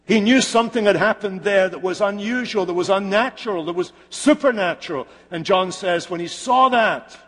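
Male preacher, slightly high voice, slow dramatic sermon delivery, reverberant hall. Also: a bit bright. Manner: slow, dramatic storytelling with pauses.

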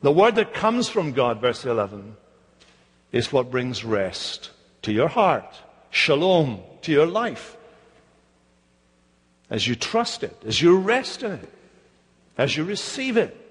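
Scottish man preaching, husky voice. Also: mid-range voice, sing-song, slow, pauses often, long reverb tail. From Scotland. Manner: emphatic, repeats words for effect, mimics mocking voices. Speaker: pastor. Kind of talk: sermon. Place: church.

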